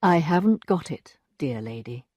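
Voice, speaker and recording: Woman reading a calm male seducer, soft, even, own voice, dry recording. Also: medium pitch, unhurried, dry recording.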